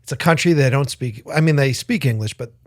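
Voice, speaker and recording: A man's voice: medium pitch, brisk, no room sound, clean studio sound. A man co-hosting a podcast, telling a rambling, profane story and acting out the voices in it. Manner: profane, rambling, lively retelling with quoted voices. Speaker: podcast co-host. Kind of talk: casual storytelling.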